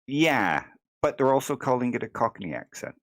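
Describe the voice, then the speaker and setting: A man's voice: medium pitch, big pitch swings, normal speed, fairly bright tone. A man as a guest in a casual chat, going off on tangents and swearing.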